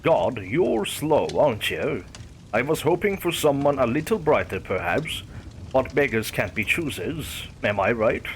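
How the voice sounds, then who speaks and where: A man's voice: mid-range voice, very animated, a little slow, a little hiss or hum. Guy doing a creepy cheerful grave digger, teasing and totally matter-of-fact, storytime horror. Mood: gleeful.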